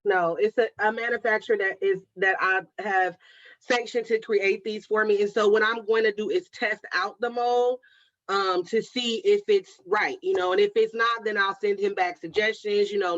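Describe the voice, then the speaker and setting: Hosting a craft livestream from Oakland, California, this woman chats casually with viewers, reads their comments, and calls them baby and girl. Her voice sits at medium pitch, steady in tone, a bit bright, at a normal speed. The livestream audio is dry and slightly dull, with no room sound.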